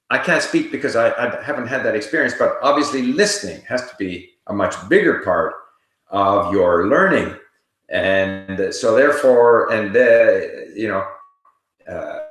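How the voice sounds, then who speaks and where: A man with a medium-pitched voice hosts a casual live Q&A, reading viewer questions aloud and thinking aloud as he answers in a relaxed, explanatory way. The recording is rough and reverberant.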